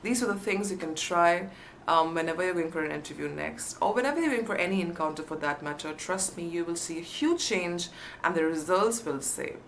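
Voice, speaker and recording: A woman's voice: on the low side, brisk, slight background noise. A woman coaching viewers on job interviews in an emphatic, encouraging way. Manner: emphatic, stresses key words, upbeat encouragement. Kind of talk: teaching to camera.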